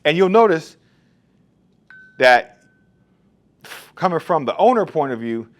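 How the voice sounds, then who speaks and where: A man's voice: a little high, sing-song, slow pace. A man who owns a barbershop, talking bluntly and emphatically in a casual monologue about his shop rules. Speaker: barbershop owner. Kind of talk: casual straight-talk monologue.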